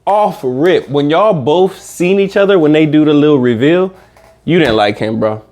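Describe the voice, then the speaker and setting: A man with a fairly high voice talks casually to his viewers in a reaction video. He rambles and preaches about life, swearing freely as he goes. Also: lively intonation, normal speed, darkish tone.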